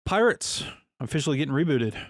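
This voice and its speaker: A man's voice: on the high side, sing-song, fast, dry recording, studio quality. A man co-hosting a podcast in rambling, laid-back casual chat, swearing now and then. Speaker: podcast co-host.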